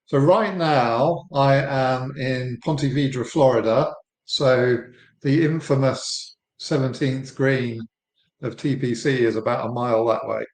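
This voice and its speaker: A man's voice: medium pitch, slow, roomy sound. An English man in his fifties, a company founder, chatting easily and good-humouredly as a podcast guest. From England. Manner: easygoing, friendly, laughs lightly. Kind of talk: casual interview chat. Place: home room in Florida.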